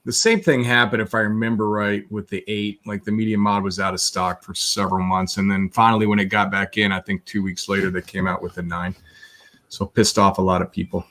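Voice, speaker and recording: A man's voice: fairly low pitch, level tone, fairly quick, pushed and bright. A man speaking as a guest in a casual chat, hesitant with many ums and repeated words.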